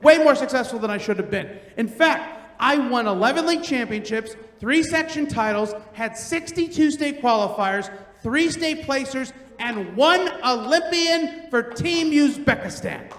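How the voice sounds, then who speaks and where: A middle-aged man performing a stand-up comedy set, telling loud, animated stories and acting out the quotes. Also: extremely high pitch, a little slow. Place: large theater stage. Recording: roomy theater with long reverb.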